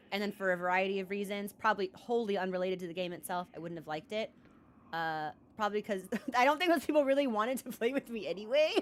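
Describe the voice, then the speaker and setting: A young woman talks earnestly to her stream viewers from her computer desk, rambling, restarting often and saying "like" a lot. Her mid-range voice is fairly bright, with a little hiss or hum.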